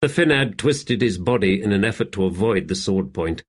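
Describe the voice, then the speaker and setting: Give me a man narrating an audiobook in a low, husky voice. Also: animated, moderate pace. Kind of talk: scripted narration.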